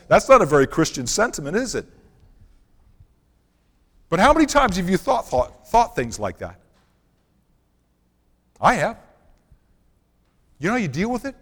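A man's voice: high voice, very animated, measured pace, pauses often, fairly bright tone. Middle-aged guy preaching, chatty sermon, voice drops way down to make a point, big hall echo. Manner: conversational preaching, drops to near-whisper for emphasis. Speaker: pastor. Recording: long hall reverb.

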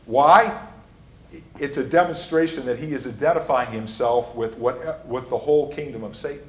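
A man preaches a sermon in an emphatic teaching voice, leaning on key phrases and repeating them. His pitch sits in a middle range, and the sound carries a noticeable room echo, as from a church sanctuary. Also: moderate pace. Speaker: pastor. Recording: echoey room.

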